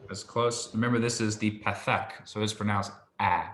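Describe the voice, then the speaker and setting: A man's voice: on the low side, flat delivery, fairly quick, a bit bright. A man teaching Hebrew, patiently correcting pronunciation and encouraging his student. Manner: patient, encouraging, loose with fillers. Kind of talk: online language tutoring. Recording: roomy echo.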